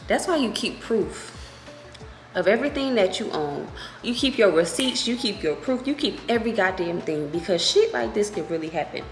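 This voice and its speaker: A young woman vlogger telling a story in a casual, animated, profane way. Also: on the low side. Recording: echoey room with faint music.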